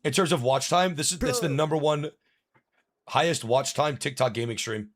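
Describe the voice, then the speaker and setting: Brief: young male streamer, a bit high-pitched, frustrated ranting, heavy swearing. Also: moderate pace, dry recording, studio quality. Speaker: game streamer. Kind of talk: live gameplay stream chat.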